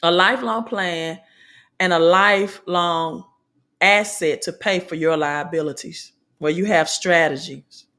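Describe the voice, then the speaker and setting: A woman's voice: on the low side, measured pace, pushed and bright. A woman with a Southern American accent, hosting a motivational business talk and preaching in repeated slogans and alliterations. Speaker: host.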